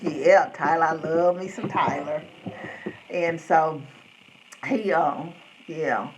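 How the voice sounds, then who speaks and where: A woman's voice: low-pitched, takes it slowly, slight background noise, rough recording. A middle-aged woman, hosting a rambling live-stream chat and greeting viewers by name. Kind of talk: casual chat.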